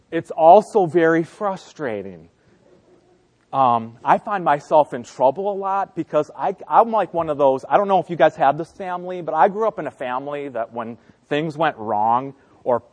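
A man in his thirties preaching a sermon, telling a family story and acting out his family's lines with frequent laughter. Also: medium pitch. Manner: laughing often through the story. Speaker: pastor.

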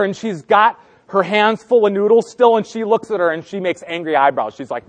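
A man's voice: sits high, normal speed, hardly any pauses. A man in his thirties preaching a sermon, telling a family story and acting out his family's lines with frequent laughter. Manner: laughing often through the story. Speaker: pastor.

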